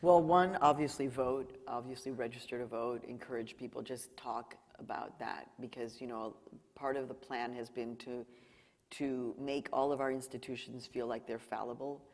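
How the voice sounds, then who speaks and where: A woman's voice: extremely low pitch, moderate pace, in a large hall. A journalist from Mexico, a woman, telling stories at a live library talk and acting out the people she quotes. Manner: animated storyteller, acts out quoted dialogue. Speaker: journalist, featured speaker. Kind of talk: live Q&A storytelling. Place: library event hall.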